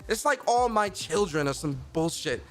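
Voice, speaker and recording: A man's voice: high voice, lively intonation, moderate pace, faint music behind. A man hosting a podcast, ranting bluntly with profanity and stammering repeats. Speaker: podcast host. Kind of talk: casual ranting commentary.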